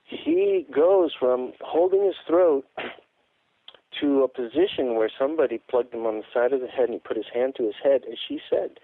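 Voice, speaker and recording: A man with a mid-range voice speaks at a normal speed as a guest on a phone-in radio interview. He gives his account with emphasis and repeats words to stress them, and the phone line sounds tinny.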